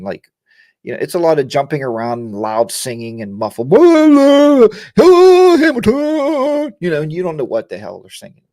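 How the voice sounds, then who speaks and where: A man's voice: medium pitch, darkish tone, no room sound, studio quality. Chatty rambling man hosting a bike show. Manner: rambling and joking, chatty asides. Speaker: host of a live motorcycle chat show. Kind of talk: casual live-stream chat, reading viewer comments.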